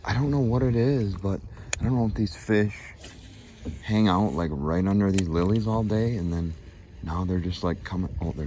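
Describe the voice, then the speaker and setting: A man vlogging while kayak fishing, talking to the fish and his viewers with excited exclamations, outdoors on a lake. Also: low voice, normal speed, background noise. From Michigan. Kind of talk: casual on-the-spot narration.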